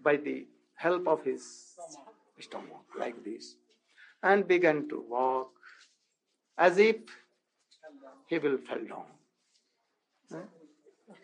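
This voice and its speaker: A man with a high voice tells a devotional story slowly, one unhurried phrase at a time. His English is halting and non-native, and he keeps turning to his listeners with rhetorical questions. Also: lively intonation, creaky, low-quality recording. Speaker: spiritual lecturer.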